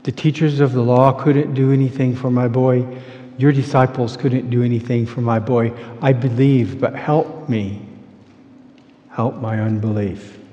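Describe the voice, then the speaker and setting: A man's voice: sits high, lively intonation, drawn-out words, long pauses, a little mellow, lo-fi sound, pitched above the performer's own voice, exaggerated voice. A man voicing a desperate father who begs for help for his sick son, in a hall with long reverb. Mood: pleading.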